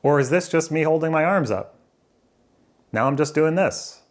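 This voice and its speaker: With a fairly high pitch and lively intonation, a man speaks at a moderate pace to a camera aimed at him. Seated indoors by a window, he muses casually, rambling and asking himself questions as he goes.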